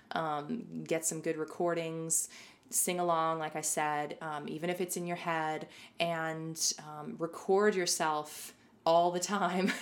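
A middle-aged woman giving a casual spoken lesson on violin technique, explaining in a conversational way with many fillers and restarts. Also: on the low side. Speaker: violin teacher.

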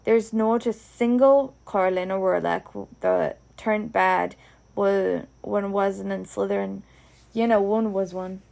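A big, kindly Scots giant of a man, as a woman reader voices him rambles on in homely dialect. The voice is gravelly and unhurried, with a slow, patient pace. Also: mid-range voice, fairly even intonation, darkish tone. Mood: explaining. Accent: Scottish. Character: big gruff kindly male groundskeeper giant.

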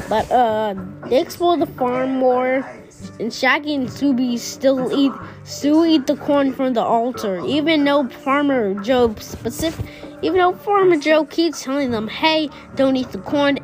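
A woman casually retelling a cartoon episode she made up, rambling and correcting herself, with exasperated asides. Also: on the high side. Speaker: storyteller. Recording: music playing underneath.

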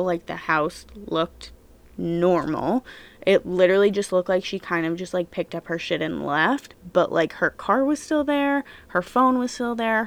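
A woman's voice: on the low side, gravelly. A woman hosting a podcast, retelling a true-crime case in casual, blunt talk full of fillers and exasperated outbursts. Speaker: podcast host.

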